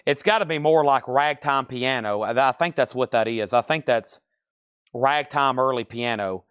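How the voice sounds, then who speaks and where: A man's voice: medium pitch, normal speed, a bit bright, clear, resonant tone, no room sound, clean studio sound. A man hosting a live record sale, chatting casually and thinking aloud as he sorts and prices albums. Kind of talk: casual live sales patter.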